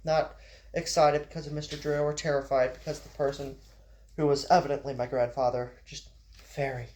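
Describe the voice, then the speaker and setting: A man's voice: a little high, level tone, brisk, a little mellow. A man reading his story aloud in an amateur style, stumbling and restarting, with casual asides. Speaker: narrator.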